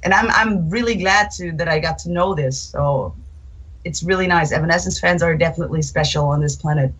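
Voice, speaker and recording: A woman's voice: low-pitched, brisk, husky, rough recording. A young adult woman, a guitarist, answering interview questions in a chatty way, acting out quotes from fans as she tells stories. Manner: chatty, animated storytelling with acted-out quotes.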